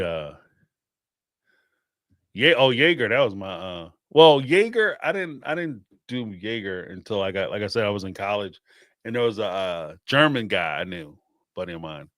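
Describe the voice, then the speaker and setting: A middle-aged man hosts a casual podcast chat, telling rambling stories and laughing often. His pitch swings widely as he talks. The recording is dry, with almost no room sound. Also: dry recording. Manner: laughing, rambling, animated storytelling. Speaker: podcast host.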